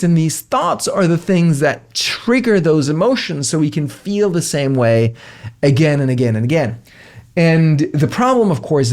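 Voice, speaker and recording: A man coaching casually about limiting beliefs, animated and blunt, sometimes swearing. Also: on the high side. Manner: animated, swears, mimics inner thoughts in silly voices. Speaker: business coach. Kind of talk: casual coaching talk to camera.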